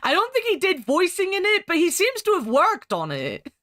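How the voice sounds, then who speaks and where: A woman streaming an adventure game, chatting casually, joking and swearing now and then, with a hoarse morning voice. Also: extremely high pitch, wildly swooping pitch, moderate pace, a bit bright, no echo, studio quality. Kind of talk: casual gameplay commentary.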